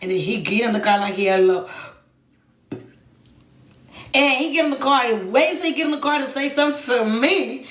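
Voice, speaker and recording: High, bright-voiced young woman telling a story on a live stream. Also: echoey room. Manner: animated, swears freely, keeps addressing the chat. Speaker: livestream host.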